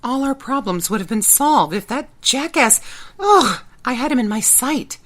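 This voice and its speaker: A woman's voice: fairly low pitch, expressive, unhurried. A woman reading an audiobook, voicing a forty-year-old mother turned secret agent who talks in demanding, angry bursts.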